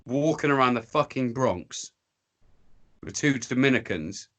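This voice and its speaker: A man's voice: medium pitch, expressive, measured pace, fairly bright tone. English guy, casual podcast storyteller, sweary, mimics the people in his tales. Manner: rambling, sweary, slips into voices for characters. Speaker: podcast guest.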